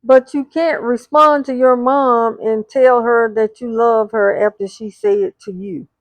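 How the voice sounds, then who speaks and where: Slow-talking woman recapping a show. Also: on the high side, fairly even intonation, dry recording. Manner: retells scenes, reading out the cast's lines; blunt asides addressed to the cast. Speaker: reality TV recap host. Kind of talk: episode recap narration.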